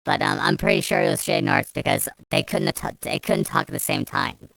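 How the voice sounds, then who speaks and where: A woman with a low, smooth voice tells a storytime rant, swearing heavily and restarting her sentences as her anger builds. The sound is dry and close, with no room around it. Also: normal speed, fairly bright tone, dry recording. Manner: angry, profane, rambling with restarts. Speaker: vlogger.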